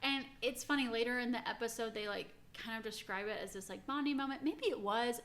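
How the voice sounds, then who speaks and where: A woman's voice: a little high, fairly quick, a bit bright. A woman co-hosting a podcast in casual chat, recapping and telling stories and reacting with gasps. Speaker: podcast co-host.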